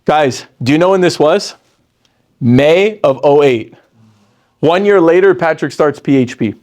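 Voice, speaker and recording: A man in his forties leads an energetic sales training talk meant to motivate, his voice climbing when he gets excited and sinking low for quotations. His pace is a little slow.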